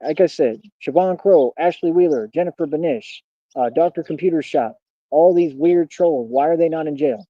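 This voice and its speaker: A man's voice: a little high, normal speed, dry recording. Defiant young man ranting in street slang. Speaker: streamer. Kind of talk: confrontational livestream rant. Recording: dull lo-fi stream audio.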